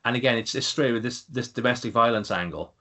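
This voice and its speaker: A man's voice: mid-range voice, quick pace, bright, forceful tone. A man co-hosting a casual podcast, rambling in exasperation about a bad film's scenes. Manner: exasperated, rambling, restarts often. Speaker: podcast co-host. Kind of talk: casual film review chat.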